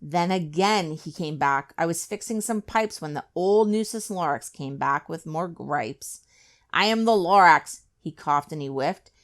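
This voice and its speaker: A woman reading a rhyming children's book aloud with an expressive, rhythmic delivery. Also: low voice, unhurried, few pauses. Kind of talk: read-aloud storytelling.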